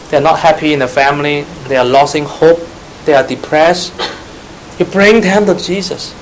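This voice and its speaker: A man's voice: fairly high pitch, a little hiss or hum, low-quality recording. A man with a Chinese accent, a Mandarin speaker, preaching a Bible study sermon in earnest, emphatic English and speaking straight to his listeners.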